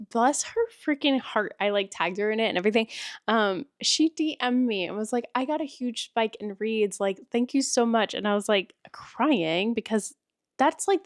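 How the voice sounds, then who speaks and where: A young woman talking to camera about a book she loved, gushing and animated, with lots of "like". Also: medium pitch, no echo, clean studio sound. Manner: gushing and animated, heavy use of "like". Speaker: book review creator. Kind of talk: casual chat to camera.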